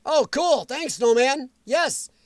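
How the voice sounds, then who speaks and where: A man hosting a casual livestream, answering viewers' comments in a chatty, animated way with frequent chuckles. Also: very high voice, slow pace, no echo. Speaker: livestream host.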